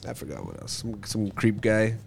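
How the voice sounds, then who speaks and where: A man's voice: lowish voice, wildly swooping pitch, normal speed, gravelly, slight background noise. A man co-hosting a podcast, laid-back and profane, laughing easily in casual chat. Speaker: podcast co-host.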